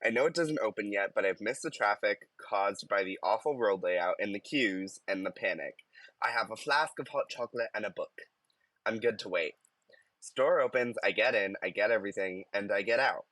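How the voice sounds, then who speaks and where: A man's voice: on the low side, moderate pace, fairly bright tone, no echo. A man co-hosting a podcast, reading stories aloud in casual chat and laughing mid-sentence. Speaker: podcast co-host.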